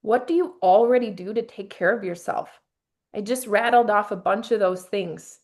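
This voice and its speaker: An upbeat woman leads a small workshop group, coaching them through slow breathing and talking about focus and leadership. Her voice sits at an ordinary middle pitch, and her delivery is friendly and encouraging. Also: darkish tone. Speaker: team leader running a workshop. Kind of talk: motivational workshop talk.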